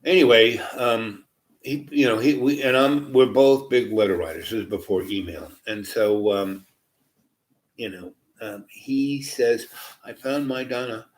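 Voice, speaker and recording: A man's voice: lowish voice, measured pace. An older man telling a long personal story in a rambling way, full of fillers, asides and restarts. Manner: meandering, many fillers and asides.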